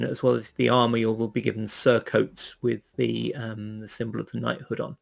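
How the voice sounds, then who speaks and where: A man narrating a tabletop game as game master, hesitant and filling pauses with ums. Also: mid-range voice, monotone, gravelly.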